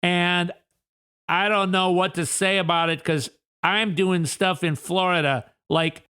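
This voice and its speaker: A man doing a mocking impression of a smug, boastful male politician who brags slowly and pleased with himself. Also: sits high, steady tone, sharp tone, smooth, pitched above the performer's own voice. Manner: slow, self-satisfied boasting.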